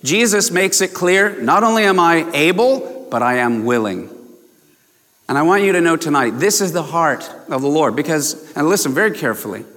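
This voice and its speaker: A man's voice: fairly high pitch, animated, moderate pace, fairly bright tone. A man preaching a sermon, stressing and repeating key phrases and putting questions to his congregation. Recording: long hall reverb.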